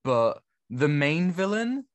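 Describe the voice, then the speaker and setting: A man's voice: a little high, sing-song, slow. A man co-hosting a film podcast, giving opinions in a casual, conversational way. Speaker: podcast co-host. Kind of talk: casual chat.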